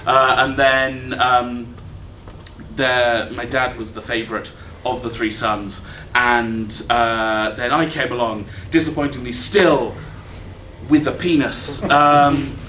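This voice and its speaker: A man's voice: mid-range voice, steady tone, takes it slowly, pushed and bright. A man on a live comedy stage, rambling through a self-deprecating story with many ums. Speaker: improv comedy performer. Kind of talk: comic storytelling monologue. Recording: echoey room with background noise.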